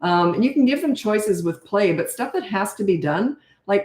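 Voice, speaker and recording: Animated and barely pausing, she talks at a normal speed in a mid-range, slightly mellow voice. The middle-aged parenting coach tackles viewer comments live with blunt directness and frequent "okay?" or "right?", recorded with a roomy echo.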